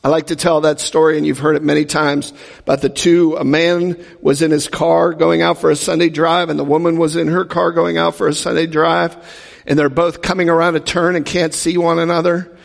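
A man's voice: fairly high pitch, little pitch movement, brisk, gravelly, in a large hall. A man preaching a teaching sermon, talking in a conversational way and often asking the audience questions. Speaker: pastor teaching a Bible class.

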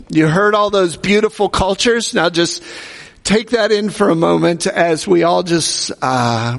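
A man's voice: on the high side, vocal fry, fairly bright tone. A man preaching a sermon, repeating aloud each answer called out by the congregation. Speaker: pastor. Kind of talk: sermon with audience call-and-response. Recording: echoey hall reverb.

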